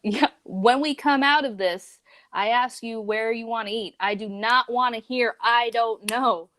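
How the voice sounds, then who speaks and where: A woman's voice: a little high, normal speed, fairly bright tone. A young woman co-hosting a youth group livestream, chatting casually and reading memes aloud with lots of "like" and "dude". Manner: laid-back, lots of "like", "man" and "dude".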